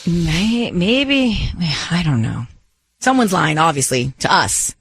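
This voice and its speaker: Female co-host, husky tone, lively pitch, dry skeptical quips. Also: slow, no echo. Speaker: radio co-host. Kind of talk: radio talk show chat.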